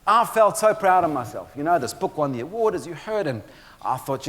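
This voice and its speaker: A man with a high voice gives a keynote talk from a stage. He tells his stories with dry humor and turns often to the audience. His words trail off into a long hall reverb. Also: sing-song, fairly quick, a bit bright. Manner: storytelling with dry humor, addresses audience directly. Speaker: motivational speaker. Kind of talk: keynote presentation on stress.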